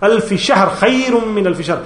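Brief: male preacher, high voice, emphatic and repetitive, rhetorical questions, reverberant hall recording. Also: lively intonation, moderate pace, fairly bright tone. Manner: emphatic, repeats key words, rhetorical questions. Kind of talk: sermon. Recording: echoey hall with long reverb.

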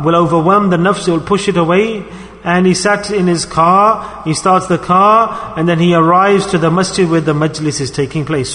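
A man's voice: sits high, fairly bright tone. A man preaching a sermon to a congregation, often asking them questions and calling for their responses. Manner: asks the audience questions and calls for responses. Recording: long hall reverb.

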